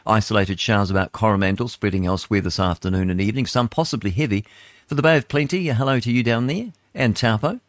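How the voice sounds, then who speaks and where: A man's voice: lowish voice, quick pace, no room sound, clean studio sound. A man with a New Zealand accent hosting talk radio, reading the weather in a rambling, chatty way full of asides. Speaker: radio host.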